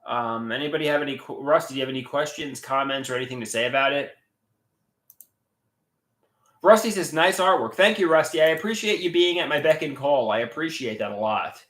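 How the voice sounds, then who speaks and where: A man's voice: mid-range voice, a little fast, fairly bright tone, roomy sound. A man livestreaming and talking about his artwork, agitated and swearing, often repeating himself and restarting his sentences. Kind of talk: casual livestream talk.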